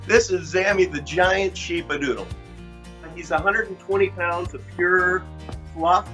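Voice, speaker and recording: A man's voice: fairly high pitch, bright, forceful tone. A middle-aged man telling heartfelt personal stories about his dog, earnestly repeating key phrases for emphasis. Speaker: dog owner and vlogger.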